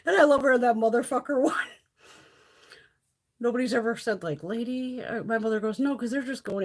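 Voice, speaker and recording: Chatty, foul-mouthed, husky woman streamer. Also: fairly high pitch, fairly quick, pauses often, darkish tone. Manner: chatty and profane, laughs often. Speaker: beauty live-streamer. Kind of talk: casual chat on a live stream.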